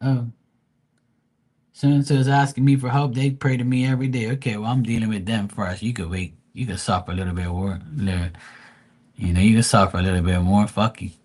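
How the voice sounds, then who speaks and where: A man's voice: on the low side, steady tone, brisk, darkish tone, close to an everyday voice. A man voicing God as an irritated male deity fielding prayers, grumbling, dismissive and profane.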